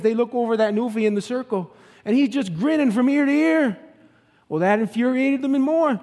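A jolly, folksy Newfoundland yarn-spinner, as a pastor puts him on, with a Newfoundland accent, pitched up high and booming. Words stretch out, and the voice carries a long hall reverb. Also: male voice, close to an everyday voice. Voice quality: high, loud, animated telling with drawn-out words. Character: jovial male Newfoundland joke-teller, folksy storyteller.

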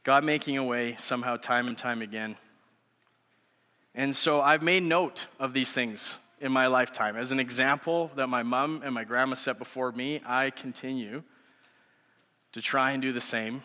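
A man's voice: mid-range voice, moderate pace, sharp tone. A man in his thirties, a youth pastor, giving a sermon through conversational storytelling. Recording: echoey hall reverb.

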